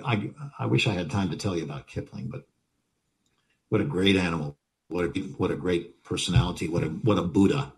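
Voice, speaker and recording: Older man spinning a vivid story. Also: fairly low pitch. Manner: vivid storyteller, acts out moments, repeats phrases. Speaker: interview guest, actor. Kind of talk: animated anecdote telling.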